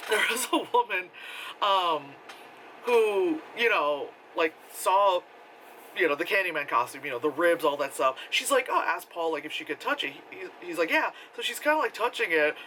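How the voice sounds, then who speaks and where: An animated man, a little high-pitched, whose voice swoops up and down as he rambles through a convention recap. His tone is bright and edgy, and he swears easily and laughs his way through the stories. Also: moderate pace, slight background noise, rough recording. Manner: animated, acts out quotes in a high voice, laughs often; swears casually, rambling with many fillers. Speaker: convention vlogger. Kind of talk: casual storytelling recap.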